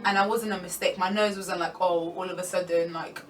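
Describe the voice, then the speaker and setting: A woman's voice: on the low side, fairly even intonation, brisk. A young woman on a Christian talk panel, talking in a casual, chatty way with lots of "like" fillers. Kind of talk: casual chat. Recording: distant mic, faint room noise.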